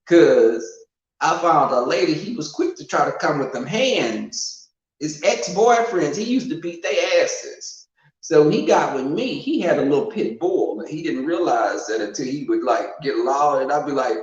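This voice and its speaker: Man, casual storytelling, animated, echoey home room, muffled sound. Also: normal speed. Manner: animated, swings loud and high when quoting.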